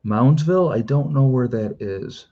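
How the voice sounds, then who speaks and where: A man's voice: medium pitch, measured pace, lo-fi sound. A middle-aged man hosting a prepper channel, telling a story casually and rambling with lots of filler words. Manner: rambling, many "you know" fillers.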